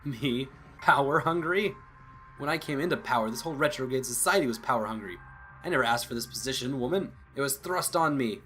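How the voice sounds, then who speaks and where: A scheming villain politician from a text game speaks with smug condescension, read aloud by a man. The voice sits at an ordinary middle pitch over faint background music. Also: expressive, fast, fairly bright tone, close to an everyday voice.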